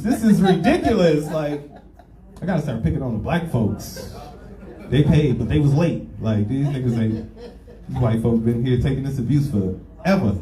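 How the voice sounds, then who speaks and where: A man doing a stand-up comedy set, telling loud profane stories and bantering with the crowd. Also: medium pitch, lively intonation, normal speed, long pauses. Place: comedy club. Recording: roomy club sound, distant mic, audience laughter. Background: audience laughing.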